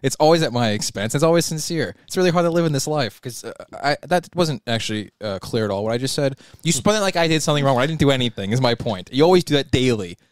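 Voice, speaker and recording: A man's voice: medium pitch, lively intonation, fast talker, hardly any pauses, clean tone, no echo, studio quality. A man from Long Island co-hosting a podcast, talking with his brother in an exasperated way and swearing freely. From Long Island, New York. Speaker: podcast co-host. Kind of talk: casual chat between brothers.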